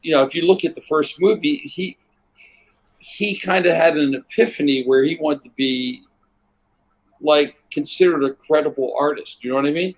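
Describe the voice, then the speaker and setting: An older man with a husky, breathy voice tells rambling stories as an interview guest. He talks in a loose, relaxed way and slips into the voices of the people in his tales. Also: fairly high pitch, moderate pace. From United States. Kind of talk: relaxed anecdotal storytelling.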